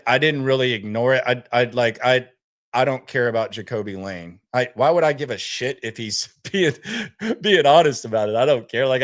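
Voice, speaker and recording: A man's voice: mid-range voice, fairly bright tone. A man hosting a casual sports stream, laid-back and rambling, often repeating words as he restarts. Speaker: podcast host. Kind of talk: casual live-stream talk.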